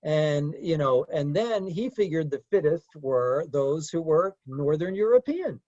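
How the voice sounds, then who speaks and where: A man with a notably high voice leads a group discussion, lecturing in a loose, conversational way. He hesitates often and pads his sentences with fillers. The recording is dry and dull, with a lo-fi edge. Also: lively intonation, unhurried, a little mellow, no room sound. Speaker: discussion leader.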